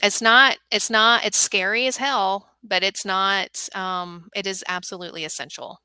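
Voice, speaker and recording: A middle-aged woman with a bright, smooth voice, speaking earnestly and with animation. She sounds like a guest on a talk show. Her voice is recorded close to the mic in a dry room. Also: mid-range voice, a little slow, no room sound. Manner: earnest, animated storytelling with acted quotes. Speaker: podcast host and workshop speaker for moms.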